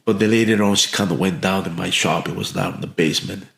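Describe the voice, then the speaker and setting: A man's voice: low voice, steady tone, fast talker, gravelly, fairly bright tone. A man from Mexico telling a heartfelt story as a podcast guest, earnest and full of restarts and fillers. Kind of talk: storytelling in an interview. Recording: echoey room.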